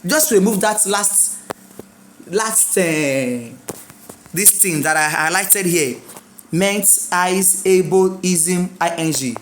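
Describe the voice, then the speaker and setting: A teacher gives an exam-prep lesson, repeating words slowly and quizzing the listeners. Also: mid-range voice, slight background noise. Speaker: English teacher.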